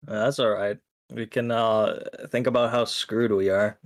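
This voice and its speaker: A woman's voice: extremely low pitch, fairly even intonation, moderate pace. A woman playing a tabletop game over a voice call, playful and wry. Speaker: player. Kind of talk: casual game talk on a voice call.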